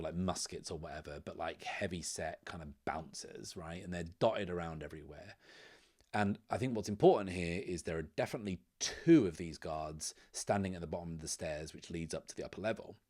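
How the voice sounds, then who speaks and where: Man, low voice, narrates a solo tabletop game, casual and thinking aloud. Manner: thinks aloud, loose, with many "like" and "right?".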